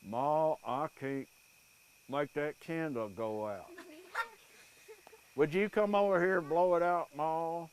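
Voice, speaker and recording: A man voicing an old country husband who talks out of the side of his crooked mouth, slow and drawling. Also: on the high side, a little hiss or hum. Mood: puzzled.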